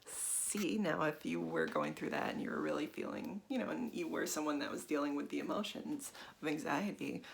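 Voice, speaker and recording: Lady walking you thru a tapping routine, low-ish voice, kinda gravelly, soft and encouraging. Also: fairly even intonation, normal speed, hardly any pauses, a little hiss or hum. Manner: gentle, encouraging, talks straight to the viewer. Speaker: tapping instructor. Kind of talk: casual guided self-help lesson.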